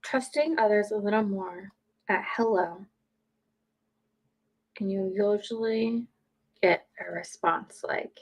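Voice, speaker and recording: Blunt, swearing woman, gravelly voice. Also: mid-range voice, slow, long pauses, low-quality recording. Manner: blunt, swears freely, chatty and opinionated. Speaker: streamer, podcaster. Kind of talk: casual live-stream chat. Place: home.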